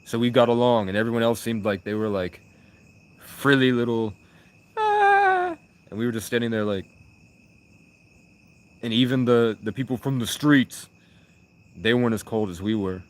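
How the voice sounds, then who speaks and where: A young man rambling casually on a livestream, trailing off and restarting, with sudden loud bursts. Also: mid-range voice, big pitch swings, normal speed, long pauses.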